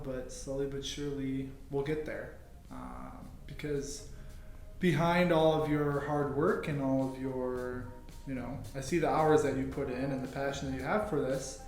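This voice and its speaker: A man hosting a podcast, asking questions and wrapping up in a relaxed, thoughtful way. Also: medium pitch, unhurried. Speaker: podcast host. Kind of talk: casual podcast interview. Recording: echoey room with faint music.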